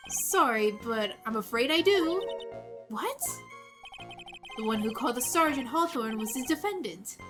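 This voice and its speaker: A woman doing a smug young prosecutor who speaks in cool, clipped lines. Game music is clearly heard behind him. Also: fairly high pitch, lively intonation, a little slow.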